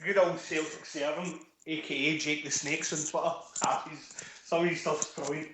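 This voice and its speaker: A man's voice: on the high side, level tone, normal speed, a bit bright, a little hiss or hum. Wry man calling in from an echoey room. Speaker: caller guest. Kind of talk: casual football chat.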